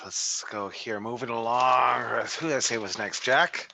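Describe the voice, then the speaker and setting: A man coaching a wrestling class over a video call, brisk and encouraging. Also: mid-range voice, gravelly, bright, forceful tone, no echo.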